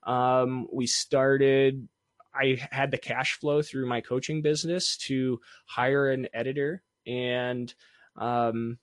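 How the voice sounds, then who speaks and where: A man's voice: mid-range voice, fairly even intonation, slow, no echo, clean studio sound. A young adult man, a sales coach and entrepreneur, talking casually as a podcast guest, chatty and self-deprecating, laughing often and restarting sentences. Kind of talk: casual interview conversation.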